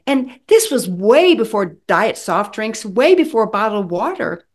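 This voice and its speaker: A woman in her sixties telling her own story in an animated, dramatic way, acting out the lines of people in it. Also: fairly high pitch, moderate pace, few pauses. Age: 60s. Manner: animated, dramatic retelling with acted quotes. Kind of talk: personal storytelling.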